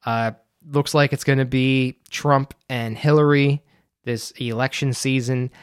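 In a clean, echo-free studio recording, a young US man hosts his podcast solo, chatting loosely and filling it with "um"s and asides. His pitch is medium and fairly even, his pace measured, his tone smooth.

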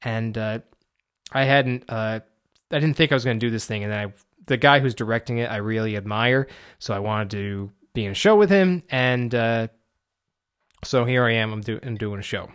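A man's voice: medium pitch, normal speed, a bit bright, clean tone. A man in a casual, rambling vlog monologue, profane and self-deprecating. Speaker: vlogger; amateur stage actor.

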